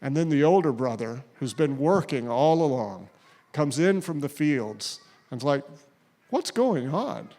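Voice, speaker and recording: A man preaching a sermon, retelling a story with acted quotes and dropping to a hush at key points. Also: medium pitch, a little slow. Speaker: pastor.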